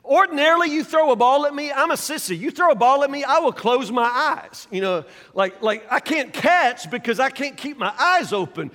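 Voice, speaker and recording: A preacher telling a folksy story from the pulpit, his voice set high for a man. He swings from quiet asides to loud, animated bursts. The sound carries a long reverb from a large hall. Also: moderate pace, hardly any pauses. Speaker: pastor. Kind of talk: sermon with storytelling.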